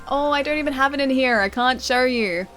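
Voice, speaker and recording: A woman's voice: high-pitched, brisk, fairly bright tone, faint music behind. A young woman livestreaming a game, chatting casually and giggling as she reads her chat aloud. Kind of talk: casual live-stream chat.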